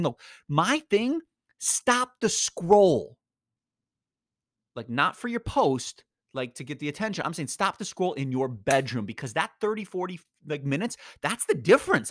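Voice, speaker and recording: A man hosting a podcast, giving an energetic, rambling motivational talk full of slang. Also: on the high side, no echo, clean studio sound. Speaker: podcast host. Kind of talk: casual motivational monologue.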